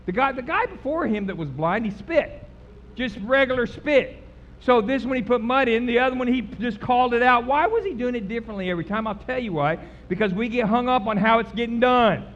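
A man's voice: very high voice, expressive, brisk, a bit bright. A man preaching a sermon in a church, emphatic and folksy, repeating words for effect. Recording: slightly dull recording with faint background noise.

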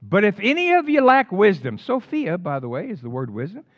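An older man preaching a sermon in an animated storytelling way, with casual slang. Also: high voice, a little fast, dry recording. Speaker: pastor. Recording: dull lo-fi dry recording.

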